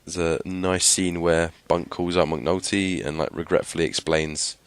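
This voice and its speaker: A man's voice: deep voice, steady tone, measured pace, no echo. A young man co-hosting a casual TV recap podcast, chatty, with frequent fillers and laughs. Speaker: podcast co-host.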